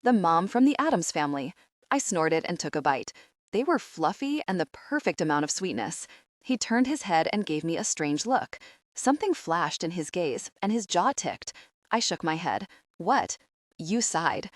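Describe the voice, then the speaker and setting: Female audiobook narrator, expressive, wide-ranging delivery, dry booth. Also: fairly low pitch, moderate pace, no room sound. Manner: expressive, wry. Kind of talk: first-person audiobook narration.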